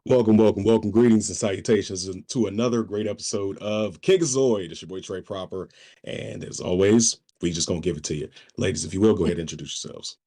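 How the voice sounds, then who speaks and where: A man with a very deep voice hosts a podcast. He talks in a relaxed, unhurried way and stretches out his announcements. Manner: laid-back, drawn-out announcing. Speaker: podcast host. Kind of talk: casual chat.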